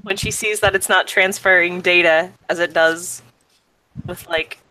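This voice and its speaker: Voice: medium pitch, measured pace, sharp tone, low-quality recording. A player in a tabletop role-playing game, narrating what a character does in a casual, distracted way.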